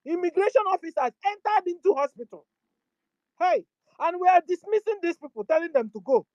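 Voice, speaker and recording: A woman's voice: very high-pitched, lively intonation, fairly quick, a little mellow, no room sound, muffled recording. A woman with a Nigerian accent hosting her own channel, pleading in impassioned commentary full of rhetorical questions and lines in Igbo. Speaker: channel host.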